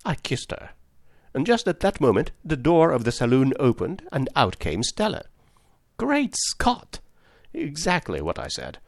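A man reading the part of a frazzled, nervous young gentleman who rambles through his story in rapid, breathless chatter. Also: fairly high pitch, wildly swooping pitch, creaky, dry recording, studio quality, pitched above the performer's own voice, heavily acted. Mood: rambling.

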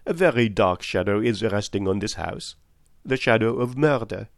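A man's voice: lowish voice, animated, normal speed, vocal fry, no room sound, clean studio sound. A man voicing a precise, theatrical older male detective with formal, stagey delivery, in an audiobook reading.

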